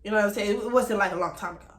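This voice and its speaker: Animated woman telling a story, echoey room. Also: mid-range voice, rapid-fire. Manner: animated, emphatic, talks straight to viewers as y'all. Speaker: vlogger telling a personal story. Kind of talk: casual storytime to camera.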